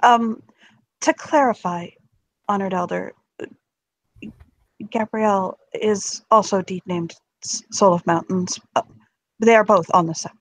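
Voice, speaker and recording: A woman's voice: mid-range voice, unhurried, long pauses, dry recording. A woman playing a character in a tabletop role-play, shifting between hesitant narration and polite, formal in-character speech. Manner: hesitant, restarts, polite in character, laughs at herself. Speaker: player.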